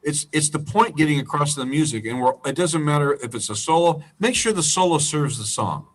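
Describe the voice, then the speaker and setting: A man, a musician, telling a profane, animated road story in casual chat, laughing and mimicking the people in it. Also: a little high, a little fast, recorded from a distance, rough recording. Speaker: musician guest.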